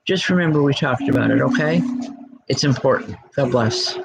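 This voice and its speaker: A woman working as a spiritual medium, giving a live-streamed psychic reading in a reassuring, halting way with frequent ums. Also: a bass voice, creaky. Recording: loud background noise.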